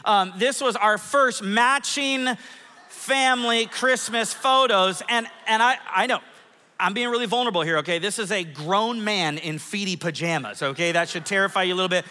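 Bright high-voiced man preaching in hall. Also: normal speed. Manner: lively, self-mocking storytelling with audience polls. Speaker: pastor. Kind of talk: sermon. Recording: long hall reverb.

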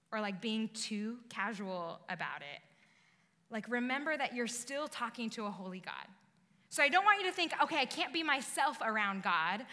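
A young woman giving an earnest, animated youth sermon, talking directly with her audience. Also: fairly high pitch. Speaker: youth ministry speaker. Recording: long reverb of a large hall.

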